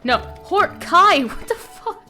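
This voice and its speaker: Bright-voiced woman streamer, loud then muttering. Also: very high voice, takes it slowly, faint music behind. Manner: expressive, swings between loud excitement and muttering. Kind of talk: casual gameplay commentary.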